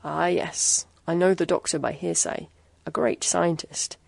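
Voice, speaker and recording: Woman doing a hoarse, sinister gaunt man. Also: fairly even intonation, dry recording, heavily acted. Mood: oily. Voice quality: hoarse, booming. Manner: slow, deliberate, falsely courteous. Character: sinister gaunt older man, creepy and oily.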